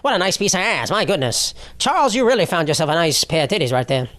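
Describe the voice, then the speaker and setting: A man's voice: fairly high pitch, very animated, a little fast, dry recording. A man voicing a creepy, leering old man with a lecherous transatlantic drawl.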